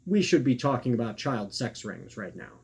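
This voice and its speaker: A man's voice: mid-range voice, very animated, moderate pace, creaky, a little mellow, husky, voice pushed down, exaggerated voice. A man voicing an overfamiliar acquaintance who rambles through excuses and conspiracy talk in a chatty, dismissive way. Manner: chatty, self-assured, dismissive.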